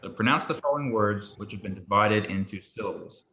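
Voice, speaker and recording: A man patiently tutoring a student in Hebrew pronunciation, relaxed and a little hesitant, with many ums. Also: lowish voice, a little fast, creaky. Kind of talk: patient one-on-one language lesson. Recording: echoey room with faint ambience.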